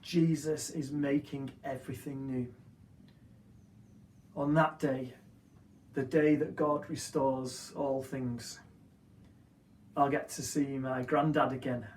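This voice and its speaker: A pastor delivers an Easter sermon in a steady, earnest voice of middle pitch, building his points through rhythmic repetition. The sound is roomy and slightly distant, as if the mic sits away from him in an echoing room. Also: a little hiss or hum. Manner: earnest, rhythmic preaching with repeated phrases.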